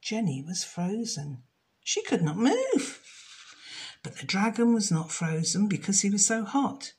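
A woman reading a children's story aloud, slow and expressive. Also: mid-range voice.

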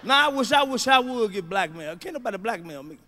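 A male stand-up comedian, delivering a profane routine with shouted punchlines. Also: sits high, sing-song, quick pace, slight background noise.

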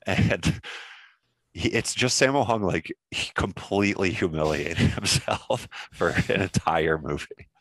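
Deep gravelly laid-back man. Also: animated, measured pace, fairly bright tone, dry recording. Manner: laid-back, agreeable, chuckling asides. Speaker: podcast co-host. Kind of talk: casual movie chat.

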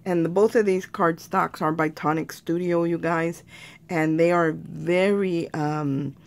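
A woman's voice: fairly low pitch, fairly even intonation, a little slow, vocal fry. A woman talking viewers through a craft tutorial in a chatty way, often calling them "you guys".

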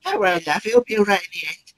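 A squeaky, sing-song comic voice. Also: male voice, fast, a bit bright, no room sound. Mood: cheery. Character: squeaky high-voiced male comedian impression.

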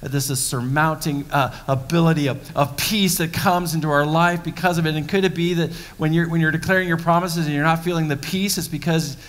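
A man's voice: a little high, steady tone, fairly quick, few pauses, fairly bright tone. A male pastor preaching a sermon in a conversational, emphatic way. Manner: conversational, emphatic, acting out scenes. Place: church sanctuary. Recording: long reverb of a church hall.

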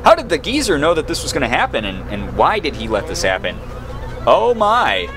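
Excitable young male gamer, lively, playful, mid-pitched. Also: fast talker, background noise. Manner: excitable, exclaiming. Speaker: gaming video host. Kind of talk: let's play commentary.

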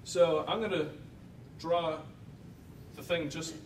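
A man's voice: fairly even intonation, slow. Man cross-examining in an echoey courtroom. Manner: probing, leading questions with frequent tag checks. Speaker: defense attorney. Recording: echoey room from far off, faint rumble.

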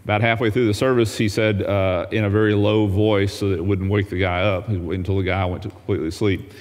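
A man's voice: lowish voice, steady tone, fairly quick, darkish tone, in a large hall. A man teaching a Bible lesson as a pastor, folksy and humorous, reading scripture aloud.

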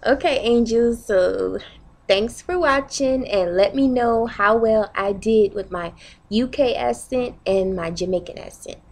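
Slow, creaky-voiced chatty woman vlogger. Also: a little high, darkish tone. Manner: chatty, upbeat, keeps asking viewers "okay?". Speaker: vlogger host. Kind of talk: casual chat to camera.

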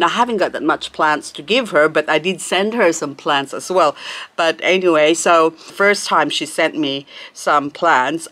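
A woman's voice: low voice, fairly bright tone. A woman hosting a plant haul vlog, chatty and gushing, laughing often as she unwraps her plants. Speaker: succulent channel host.

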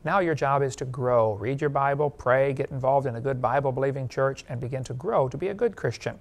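A male evangelist preaching a sermon, an animated storyteller who laughs at his own jokes and appeals directly to the listener. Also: medium pitch, brisk, vocal fry.

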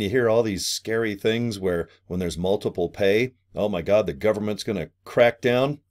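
A man talking casually to camera as a marketing affiliate, animated and salesy, acting out quotes and laughing now and then. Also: on the low side.

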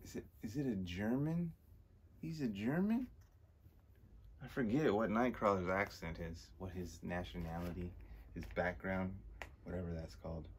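A man's voice: sits low, moderate pace, slightly rough. A man casually reading a comic aloud, rambling and questioning himself in asides. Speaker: comic book reader.

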